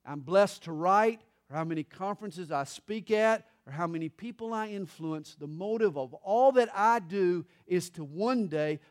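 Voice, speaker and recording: A middle-aged man, a pastor, preaching a sermon with dramatic pauses and touches of humor. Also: high-pitched, animated.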